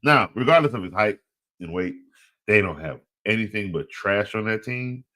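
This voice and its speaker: A man hosting a fantasy football show, talking casually and excitedly, laughing often and trash-talking teams in slangy speech. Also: lowish voice, normal speed. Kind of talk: casual solo sports commentary.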